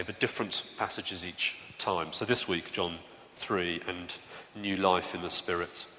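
A man with a voice on the low side, pushed and bright, preaches a sermon in an easygoing, conversational way. He tells stories and asks the audience questions, and a long hall reverb fills the recording.

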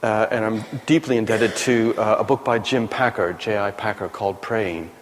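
A man's voice: lowish voice, fairly even intonation, normal speed, slight background noise. A man, a pastor, teaching a session in a conversational style with frequent fillers and self-corrections. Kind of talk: teaching sermon. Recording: long hall reverb.

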